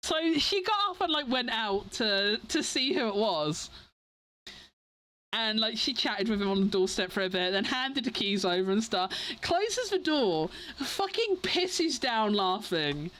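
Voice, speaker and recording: Giggly, lively-pitched young woman streamer. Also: unhurried, a little hiss or hum, low-quality recording. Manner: giggly, animated storytelling. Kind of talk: casual chat.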